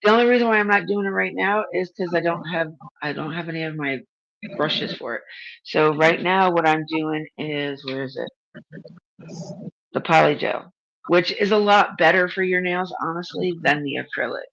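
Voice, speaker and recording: A woman's voice: lowish voice, normal speed, gravelly, fairly bright tone, dull audio. A woman hosting a casual video chat, talking bluntly, swearing freely and teasing her friend. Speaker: channel host.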